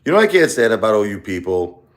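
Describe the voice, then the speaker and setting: A man's voice: lowish voice, sing-song, fast. A man hosting a casual live stream, talking in a rambling, repetitive way and lashing out at his critics.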